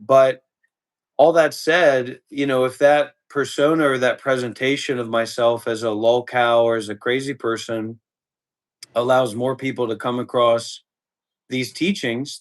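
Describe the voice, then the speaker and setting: A man who streams live, talking in a casual, halting way with restarts, sounding tired. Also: mid-range voice. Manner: rambling, halting, repeats words. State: tired, yawning. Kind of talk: casual chat.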